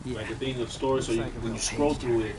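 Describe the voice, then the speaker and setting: A male stream host cheering on and coaching a player with rapid, repetitive instructions. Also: medium pitch, fairly even intonation, crowd noise. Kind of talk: hyped game coaching commentary. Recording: distant mic with loud noise.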